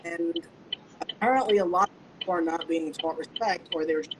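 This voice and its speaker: A woman's voice: lowish voice, moderate pace, noisy background. A woman, host and founder of the show, talks earnestly and at length about respect and awareness. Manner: earnest, rambling advocacy talk. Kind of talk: casual interview chat.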